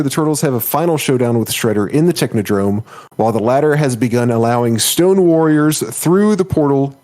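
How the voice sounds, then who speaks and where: A man co-hosting a podcast, giving a steady episode recap and chatting casually. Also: medium pitch. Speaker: podcast co-host.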